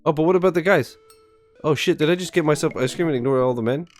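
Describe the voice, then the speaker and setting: A man's voice: fairly high pitch, fast talker, faint music behind. Jokey man reading a dating game. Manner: jokey, self-mocking asides. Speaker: gaming YouTuber. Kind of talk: let's play, reading a visual novel aloud.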